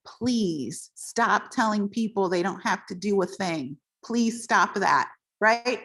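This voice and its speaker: A woman giving an animated, playful motivational talk to her team, acting out quoted voices. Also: medium pitch, creaky, reverberant. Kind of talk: motivational live video talk.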